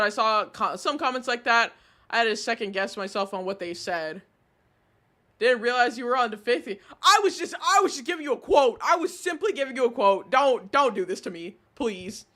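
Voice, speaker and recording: A man on a live stream reads out chat messages and reacts to them in an animated, exasperated way, swearing freely. His voice has a bright, forward edge. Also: sits high.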